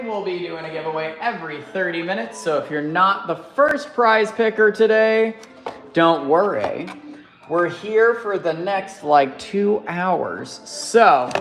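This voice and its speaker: A host selling crystals on a live stream, talking at an easy, unhurried pace. The patter is gushing and jokey, piling praise on each piece. Soft music plays faintly in the background. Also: mid-range voice. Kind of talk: casual live sales chat.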